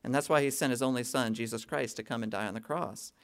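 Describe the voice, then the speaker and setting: A man's voice: mid-range voice, fast, a bit bright. A middle-aged man preaching a sermon in a conversational way. He keeps checking in with the congregation and builds to emphatic peaks. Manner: frequent "okay?" check-ins with the congregation. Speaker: pastor.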